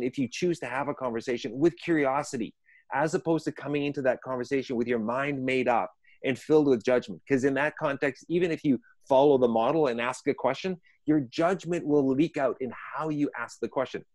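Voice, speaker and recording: A man's voice: mid-range voice, a little fast, darkish tone. A man who trains people in conflict management, explaining ideas conversationally and acting out inner voices in short asides. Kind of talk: conversational teaching on a podcast.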